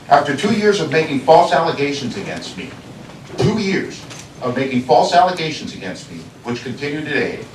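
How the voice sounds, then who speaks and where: A high-pitched man speaking as county sheriff, confronting a board in its meeting chambers. His accusatory, deliberate delivery hammers points home through repetition. He sounds far from the mic in an echoey room, with faint room ambience beneath him. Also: slight background noise. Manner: accusatory, deliberate, repeats phrases for emphasis. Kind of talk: public address at a government meeting.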